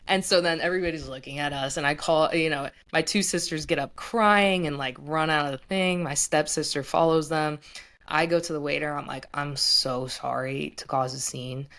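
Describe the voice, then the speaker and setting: A woman's voice: low voice, moderate pace, a bit bright. A young woman in her twenties casually retelling a personal story, full of "like" fillers. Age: 20s. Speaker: guest.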